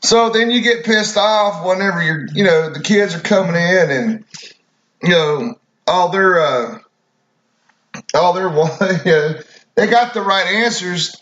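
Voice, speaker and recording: A man's voice: sits high, measured pace, a bit bright, reverberant. Guy on a radio show, cussing, rambling, blunt, kinda muffled lo-fi sound. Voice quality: profane, blunt, drawling. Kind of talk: casual rambling storytelling. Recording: dull lo-fi recording.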